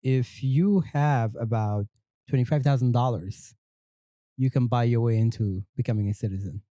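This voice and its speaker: A man's voice: mid-range voice, moderate pace, warm tone, dry recording, clean studio sound. A man co-hosting a comedy podcast, chatty and eager to share trivia. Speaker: podcast co-host. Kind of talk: casual chat.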